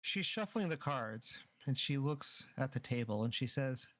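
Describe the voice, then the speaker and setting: A man's voice: medium pitch, lively intonation, a little slow, a bit bright, no room sound. A man running a tabletop game as dungeon master, narrating scenes in the second person over an online voice chat mic.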